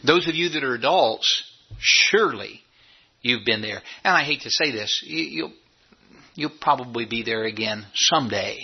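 A man's voice: medium pitch, animated, moderate pace, husky. A man preaching a sermon in church, telling the story with animation and stumbling over repeated words. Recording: dull lo-fi recording.

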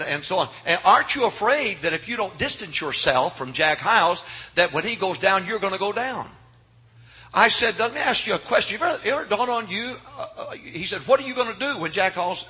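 A middle-aged man preaching a fiery revival sermon as pastor, swinging from low murmurs to shouted climaxes, repeating cadenced phrases and calling for his audience's response. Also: breathy edge.

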